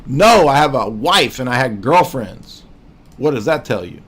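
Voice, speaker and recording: A man in his forties hosts a casual livestream, mocking and joking as he rambles through his commentary. His voice sits at an ordinary, mid-range pitch. He restarts his sentences often. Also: expressive, moderate pace, breathy edge. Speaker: livestream host.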